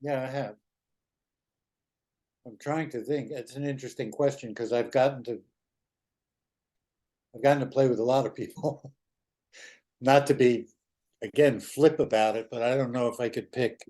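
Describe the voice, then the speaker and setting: A man in his seventies, a guest in an easygoing interview chat. He speaks at a mid pitch in a blunt, loose way and swears now and then. He grew up in New York. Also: fairly even intonation, normal speed, long pauses, warm tone. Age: 70s.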